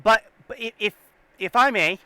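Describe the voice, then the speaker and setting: A man's voice: high voice, normal speed, sharp tone, clear, resonant tone, poor audio. A man co-hosting a casual podcast chat, hesitant and repeating his words. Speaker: podcast co-host.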